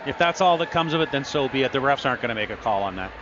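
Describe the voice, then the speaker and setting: A man's voice: medium pitch, animated, racing, dull audio, background noise. A man giving colour commentary on a lacrosse broadcast, chatty and folksy, telling anecdotes.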